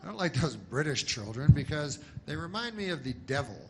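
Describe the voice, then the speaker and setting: A male stand-up comedian telling jokes in a deadpan, rambling way, full of restarts and filler. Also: a little high, fairly quick, very noisy.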